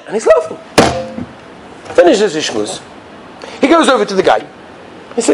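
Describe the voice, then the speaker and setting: Lively, high-pitched male preacher. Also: moderate pace, pauses often, a little hiss or hum. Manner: animated, acts out characters in his stories with sudden high outbursts. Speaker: rabbi giving a talk. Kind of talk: sermon with storytelling.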